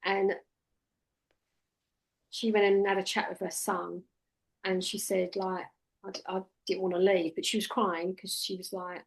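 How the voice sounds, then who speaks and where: A woman's voice: medium pitch, flat delivery, measured pace, gravelly, pauses often, slightly rough. Woman coaching in a direct, practical way. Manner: direct, practical, quotes what she says to clients in a soothing voice. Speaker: hypnotherapy trainer. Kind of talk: casual one-to-one teaching.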